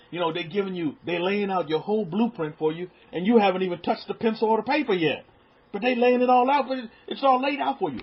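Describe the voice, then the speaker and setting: A middle-aged man preaching in a relaxed, conversational way, stumbling over repeated words and dropping into soft asides. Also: high-pitched, fast talker, husky. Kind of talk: sermon. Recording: dull lo-fi sound.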